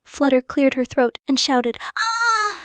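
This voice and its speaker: High-voiced woman reading a story aloud, bouncy, dry close sound. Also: normal speed, a little mellow, no echo. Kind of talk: storytelling narration.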